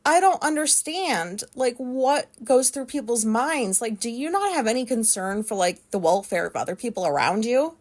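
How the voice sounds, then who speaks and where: Chatty woman vlogger, higher voice. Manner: rambling, swears often, many "like" fillers; animated, quick pitch jumps when telling a story. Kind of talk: casual storytelling monologue.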